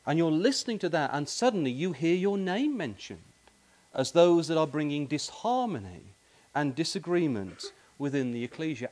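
In a tent meeting, a man with a fairly high, darkish voice preaches a sermon, emphatic and repetitive, frequently calling his listeners brothers and sisters.

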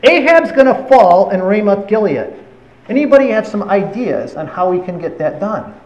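A preacher voicing God, casual and reasonable. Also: male voice, high-pitched, sing-song, moderate pace, highs cut off. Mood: upbeat. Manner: casual, reasonable, plain-spoken. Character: God, calm elderly male deity bargaining.

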